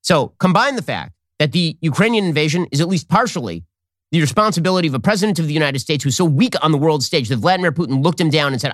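A man hosting a political commentary show, talking in a rapid, sarcastic, mocking monologue. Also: on the high side, expressive, fairly bright tone, dry recording, clean studio sound. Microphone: studio mic with earpiece.

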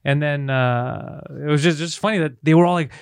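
A man's voice: on the high side, moderate pace, clear, resonant tone, no room sound. Laughing, storytelling man, dry sound. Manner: laughing storyteller, swears freely. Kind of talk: casual chat.

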